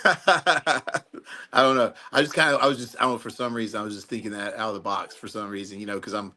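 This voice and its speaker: Older guy cohosting a podcast, bright punchy voice, rambles and cracks up a lot. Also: on the low side, steady tone, fairly quick. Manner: rambling, laughing, self-interrupting. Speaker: podcast co-host. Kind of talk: casual crude banter.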